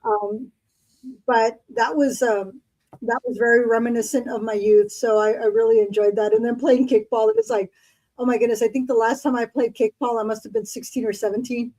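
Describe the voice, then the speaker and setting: A woman's voice: a little high, fairly even intonation, brisk, mellow, low-quality recording. A middle-aged woman co-hosting a podcast, telling memories in a chatty, rambling way. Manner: chatty, rambling, with many fillers and colloquial speech. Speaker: podcast co-host. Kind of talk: casual chat.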